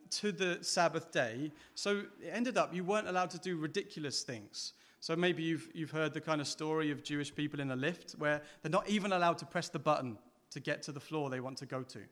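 A man preaching a sermon with a voice that sits a little high. He talks to the congregation in an easy, conversational way and keeps turning points into rhetorical questions for them. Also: fairly bright tone.

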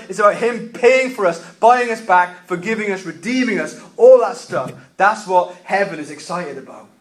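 A man preaching a sermon, emphatic, repeating key phrases and swinging between loud and quiet delivery. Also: high-pitched.

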